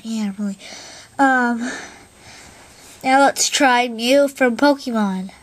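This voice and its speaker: A woman's voice: fairly high pitch, slow. A woman rambling through a casual vlog, self-deprecating and fighting a bad cough. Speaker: video creator.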